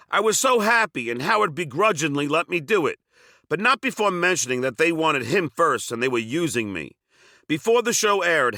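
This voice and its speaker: A man's voice: fairly high pitch, pushed and bright, no room sound, clean studio sound. A man reading his own memoir aloud, telling crude and sarcastic stories. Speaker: memoir narrator.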